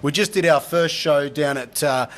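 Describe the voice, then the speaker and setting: A man's voice: a little high, moderate pace. An Australian man hosting a casual podcast, joking loosely and swearing as he talks. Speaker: podcast host.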